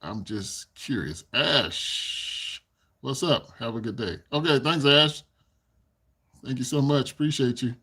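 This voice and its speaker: A man's voice: medium pitch, slow, pushed and bright, breathy edge. A man hosting a casual live stream, reading viewers' comments aloud, rambling and often chuckling as he talks. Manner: rambling, repeats himself. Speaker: channel host reading live chat.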